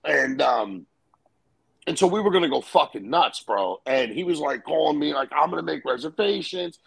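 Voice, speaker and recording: A man's voice: mid-range voice, animated, moderate pace, vocal fry, breathy edge, dry recording, low-quality recording. A man in casual chat, slangy and profane, calling people "bro" as he talks.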